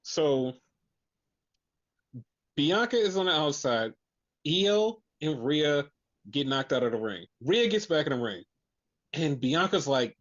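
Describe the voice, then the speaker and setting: A man's voice: a little high, unhurried, pauses often. A man co-hosting a podcast, chatting casually and animatedly about wrestling, swearing freely and acting out what others said. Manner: animated, swearing, acts out quotes. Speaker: podcast co-host. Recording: dull lo-fi podcast audio.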